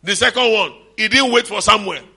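This middle-aged man with a Nigerian accent delivers an energetic sermon at a church conference, shouting at points and slipping into Yoruba. He speaks briskly in a high, gravelly, slightly rough voice.

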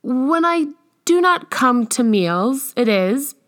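A woman's voice: high-pitched, expressive, slow, pitched above the performer's own voice. A woman reading a curt, aloof young lady. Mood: cold. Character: aloof young society lady, weary of attention.

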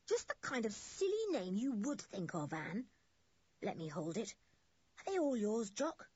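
A woman's voice: high voice, animated, normal speed, warm tone, slightly rough, no room sound, highs cut off, voice pushed up. A woman voicing a scornful, tomboyish schoolgirl in a storybook reading, talking dismissively.

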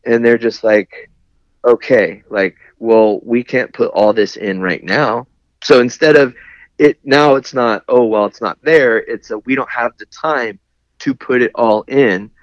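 A man's voice: mid-range voice, unhurried, no echo, lo-fi sound. A man, a Navy veteran, telling a long personal story in casual, candid speech with wry humor. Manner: candid, wry, laughs at his own anger. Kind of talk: conversational storytelling.

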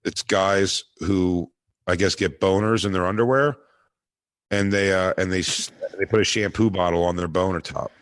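Brash low-voiced man trading crude jokes. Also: no room sound. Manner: brash, profane, quick jabs. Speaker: podcast co-host. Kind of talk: crude casual banter.

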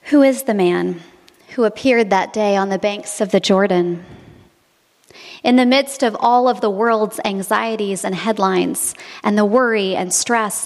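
A woman's voice: medium pitch, in a large hall. A woman preacher delivering a sermon, telling stories in a reflective way. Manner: reflective storytelling. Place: monastery.

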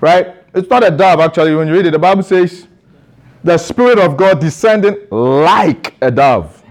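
A man's voice: on the high side, normal speed. A man preaching a sermon to a congregation in a church, asking rhetorical questions and calling for responses.

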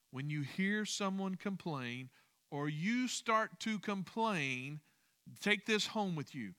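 A man's voice: fairly high pitch, bright, forceful tone. Emphatic man teaching a Bible study. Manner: emphatic, repeats key phrases; asks questions of the listeners.

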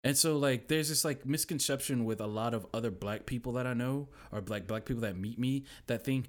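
A young man telling stories as a podcast guest, lively and quoting people in put-on voices. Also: medium pitch, fairly quick, hardly any pauses. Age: young adult. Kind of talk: casual storytelling chat.

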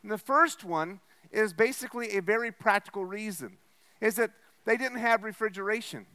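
Male pastor, high bright voice, sermon to a congregation, keeps checking they follow. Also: moderate pace, clear, resonant tone. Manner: explains with repeated "okay?" and "right?" checks; acts out the host's lines with a raised voice. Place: church.

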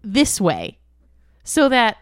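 A teasing woman co-hosting a podcast, joking her way through a word-guessing game. Her pitch swings widely while she speaks slowly and deliberately. The sound is dry and close. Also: wildly swooping pitch, dry recording. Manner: teasing, jokey, repeats phrases in silly voices. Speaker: podcast co-host. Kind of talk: playful word-game banter.

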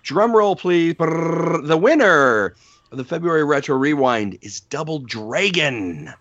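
A man hosting a podcast, wrapping up the show with shout-outs and plugs, upbeat with wry asides. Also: a little high, very animated, a little slow, lo-fi sound. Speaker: podcast host.

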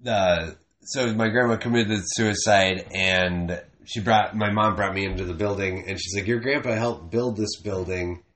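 A man's voice: deep voice, steady tone, measured pace, fairly bright tone. A man telling a rambling story on a casual podcast, swearing and trailing off often. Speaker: comedian podcast host. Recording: echoey room with faint noise.

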